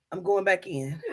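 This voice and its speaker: A woman vlogging, telling a comic story to camera in an animated, profane way, with bursts of laughter. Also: mid-range voice, slightly rough. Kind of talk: casual comedic storytelling to camera.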